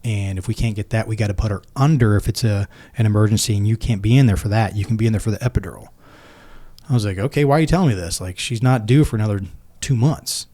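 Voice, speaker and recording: A man's voice: on the low side, fairly even intonation, quick pace, dark tone. A man in his forties, a military veteran and podcast guest, earnestly retelling a personal story and acting out both sides of each conversation.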